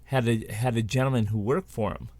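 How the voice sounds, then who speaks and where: A man's voice: medium pitch, brisk, a little mellow. A man co-hosting a show, telling a spooky story in a casual, rambling way with many restarts and asides. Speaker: co-host.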